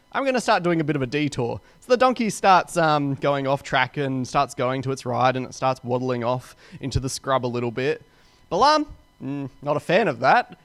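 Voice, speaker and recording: Animated man retelling a Bible story. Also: a little high, dry recording. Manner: animated, chatty storytelling with quick put-on voices. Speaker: pastor.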